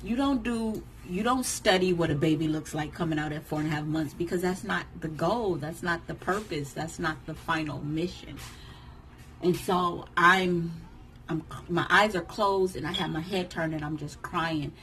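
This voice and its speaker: A woman in her thirties, a vlogger, telling a personal story to camera in an emotional, animated way, acting out what others said. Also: fairly low pitch, moderate pace, rough recording. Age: 30s. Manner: emotional, animated retelling that acts out others' lines.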